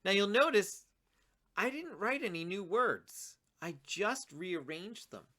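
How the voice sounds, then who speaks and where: A woman teaching a writing lesson to children, encouraging and talking straight to her students, reading her own poem slowly with a pause on each word. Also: medium pitch, sing-song, a bit bright. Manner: reads her poem slowly, pausing on single words; encouraging, addresses students directly.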